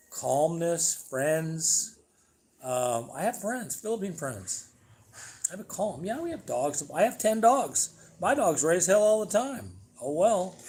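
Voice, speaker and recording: A man's voice: on the high side, slight background noise. Blunt, rambling man on a livestream. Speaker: livestream host. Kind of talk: casual livestream chat. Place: at home.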